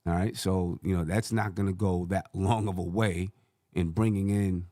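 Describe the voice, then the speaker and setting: A man's voice: low-pitched, steady tone, moderate pace, dark tone, no room sound, clean studio sound. A man hosting a sports channel, rambling through casual basketball commentary and correcting himself as he thinks aloud.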